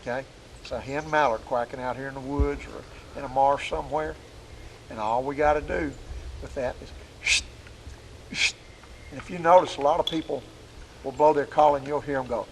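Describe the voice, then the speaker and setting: A man's voice: mid-range voice, fairly quick, creaky, darkish tone, slight background noise, poor audio. A man teaching duck calling outdoors in a folksy, plainspoken way. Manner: folksy, plainspoken, demonstrating calls. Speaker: duck call instructor. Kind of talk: outdoor hunting call lesson. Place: woods outdoors.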